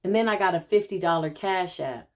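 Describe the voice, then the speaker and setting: A woman's voice: fairly low pitch, brisk. A middle-aged woman, a self-described healer, telling a casual vlog story and acting out the people she quotes, calling viewers y'all.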